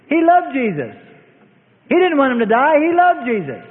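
A man preaching a sermon with dramatic swings between loud and hushed delivery, heard as a tinny lo-fi recording in a reverberant hall. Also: very high voice, big pitch swings, moderate pace.

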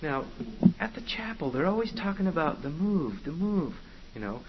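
A man's voice: on the high side, big pitch swings, normal speed. A man doing Boss, a sly old demon. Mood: coaxing. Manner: gangster-like, coaxing, urging. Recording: dull lo-fi with faint noise.

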